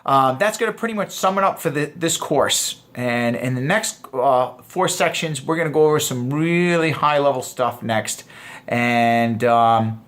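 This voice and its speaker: A man's voice: mid-range voice, a little slow, a bit bright. Casual male dating coach. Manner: loose and conversational, acts out sample lines. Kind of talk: casual course lecture.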